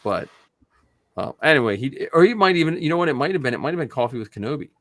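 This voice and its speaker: A man's voice: mid-range voice, sing-song, fast talker, fairly bright tone, no room sound. A man hosting a podcast in casual chat, loose and self-deprecating, often trailing off mid-thought. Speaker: podcast host.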